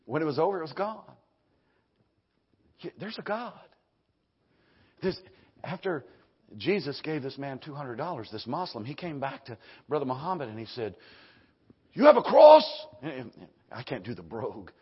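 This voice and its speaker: An older man preaching a sermon, hoarse from singing, swinging from loud emphatic bursts to hushed storytelling. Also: mid-range voice, animated, moderate pace, pauses often, lo-fi sound. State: hoarse, voice nearly gone. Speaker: Baptist preacher.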